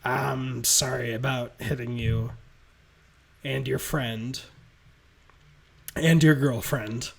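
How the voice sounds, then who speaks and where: A man's voice: medium pitch, steady tone, takes it slowly, vocal fry, pauses often, husky, exaggerated voice. A man voicing a scared teenage boy superhero who rambles out an apology and a plea for help. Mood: earnest.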